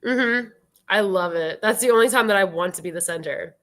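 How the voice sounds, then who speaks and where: A woman's voice: medium pitch, a little fast, a bit bright. A woman in her twenties, a guest on a show, chatting casually and filling her sentences with "like.". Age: 20s. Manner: chatty, full of "like" fillers. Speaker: guest musician. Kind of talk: casual birthday chat.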